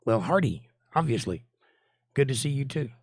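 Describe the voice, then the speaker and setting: A man's voice: mid-range voice, big pitch swings, normal speed, no echo, clean studio sound. A man in his forties with a Southern US accent, hosting a livestream and chatting in a folksy way with viewers. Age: 40s. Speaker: host. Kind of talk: casual livestream chat.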